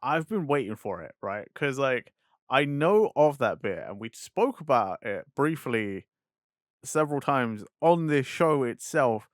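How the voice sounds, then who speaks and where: A man's voice: medium pitch, big pitch swings, a little slow, no room sound, studio quality. A man co-hosting a podcast, chatting in a laid-back way that livens up when he retells things. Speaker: podcast co-host. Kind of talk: casual chat.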